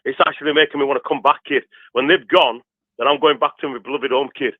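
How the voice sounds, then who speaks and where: A man in his fifties with a Yorkshire accent, calling in to rant passionately, tacking "kid" onto nearly every pause. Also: mid-range voice, steady tone, no echo. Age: 50s. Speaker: caller. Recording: tinny phone line.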